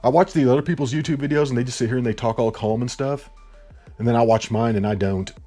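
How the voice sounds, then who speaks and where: A man delivers a ranting political commentary, loud and heated, close to yelling the whole time. He talks bluntly with swearing and hammers his points over and over. A little music plays faintly behind him, and his pitch sits in an ordinary middle range. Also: quick pace. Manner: repetitive, blunt, profane.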